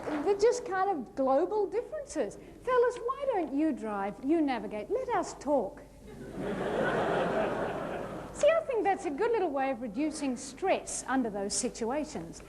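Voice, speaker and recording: A woman giving a humorous keynote talk on stage, animated and playful, acting out little scenes. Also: sits high, normal speed, few pauses, over a noisy crowd, heavy background noise. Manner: lively, animated, playful storytelling with acted-out asides. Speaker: motivational speaker. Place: large hall before a live audience.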